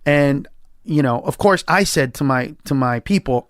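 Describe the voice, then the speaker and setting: A man who's a comedian shares a story on a podcast, forceful and full of profanity, voicing quoted lines with sudden shifts in pitch. He keeps a moderate pace in a clear, resonant tone, and the studio sound is clean and echo-free.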